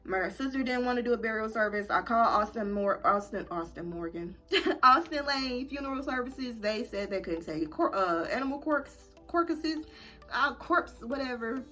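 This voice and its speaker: A young adult woman telling a story for her vlog in an animated, emphatic, slangy way. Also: a little high, normal speed, soft background music. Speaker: vlogger.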